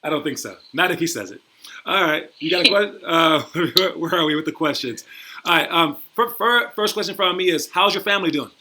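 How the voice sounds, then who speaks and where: A man's voice: on the high side, expressive, brisk, sharp tone. A young adult man hosting a basketball show, rambling and motivational, teasing his guest and laughing easily. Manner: rambling, repeats "all right?" often. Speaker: basketball program host and coach. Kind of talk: casual motivational talk and interview.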